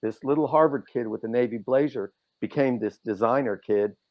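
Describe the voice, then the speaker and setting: A man telling stories as a podcast guest, animated and lively, throwing his voice up high when he acts out what people said. The sound is a little dull and lo-fi. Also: moderate pace. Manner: animated, acts out quotes with big swings in pitch. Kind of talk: casual storytelling.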